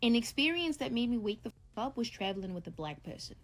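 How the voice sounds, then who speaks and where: A woman's voice: on the high side, quick pace. A woman with a New Jersey accent telling a travel story to camera, blunt and swearing often. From New Jersey, United States. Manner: blunt, swears a lot, animated retelling.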